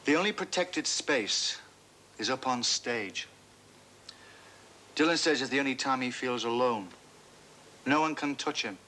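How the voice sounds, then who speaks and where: A man's voice: medium pitch, unhurried, long pauses, pushed and bright, a little hiss or hum. An actor playing an earnest man, an anxious fan who rambles and second-guesses himself, in a 1980s broadcast drama. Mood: musing. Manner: musing, self-doubting, talking himself in and out of ideas. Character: earnest adult male fan rehearsing a speech, anxious and rambling.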